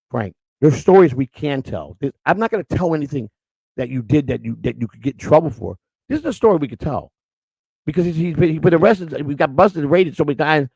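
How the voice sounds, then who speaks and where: A gravelly man from the Chicago area tells a story at a fast clip in profane, rambling street talk. His voice sits a little high and sounds dry and close. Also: a little mellow, no room sound. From Chicago area, USA. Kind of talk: casual storytelling.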